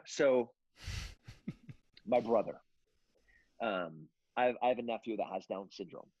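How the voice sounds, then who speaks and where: Middle-aged man, husky low voice, rambling casual storytelling, dry dull sound. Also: slow pace, no room sound. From California. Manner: rambling, many fillers and restarts. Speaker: guest.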